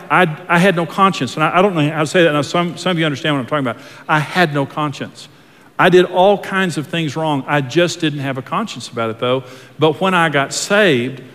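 A man's voice: a little high, fairly bright tone. A man pastor preaching a sermon in an earnest, folksy way, often repeating himself and restarting his words. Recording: long hall reverb.

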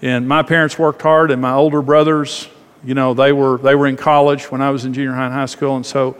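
A man's voice: medium pitch, little pitch movement, fairly quick, clear, resonant tone, in a large hall. A man preaching a sermon as a pastor, talking conversationally, acting out quoted voices and repeating phrases.

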